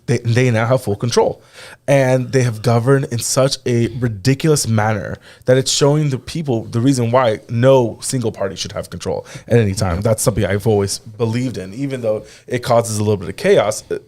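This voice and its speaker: A man's voice: medium pitch, darkish tone. Emphatic, opinionated male podcast host. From Hispanic community in the United States. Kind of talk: casual political chat.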